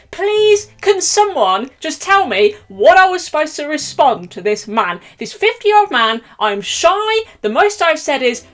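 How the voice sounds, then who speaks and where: A young woman chatting through a storytime vlog, animated and laughing often as she acts out the quotes. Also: high-pitched, measured pace, few pauses. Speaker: YouTuber telling a story. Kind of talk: casual storytime chat.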